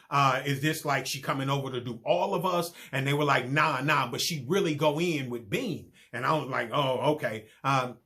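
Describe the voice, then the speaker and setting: A middle-aged man, telling a funny story as a comedian, animated and rising to excited yelps. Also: medium pitch.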